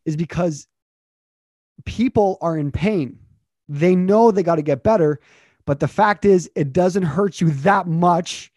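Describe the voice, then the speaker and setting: A man with a slightly raised, mellow voice leads a motivational talk as a communication coach. He speaks with energy, repeats himself and stacks question after question. The sound is dry and close. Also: fairly high pitch, dry recording. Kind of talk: motivational interview chat.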